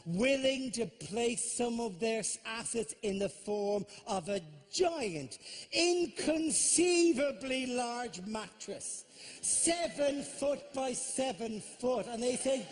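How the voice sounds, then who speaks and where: An Irish man doing animated stand-up comedy on a live stage, jumping into voices for the people in his stories. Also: very high-pitched, slow pace. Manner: animated, theatrical, slips into character voices. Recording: live venue with audience noise.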